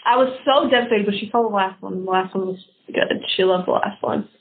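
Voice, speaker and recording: A woman's voice: mid-range voice, a little fast. A young woman, a podcast co-host telling a story in casual chat, acting out what people said. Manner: animated, acts out quoted lines. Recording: tinny phone-like audio.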